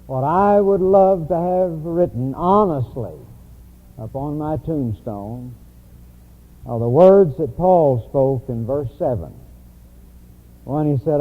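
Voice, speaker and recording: A man's voice: fairly high pitch, lively intonation, slow pace, long pauses. A man preaching a sermon in a church, telling stories in a conversational way. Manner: storytelling, conversational. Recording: tinny lo-fi phone-like recording.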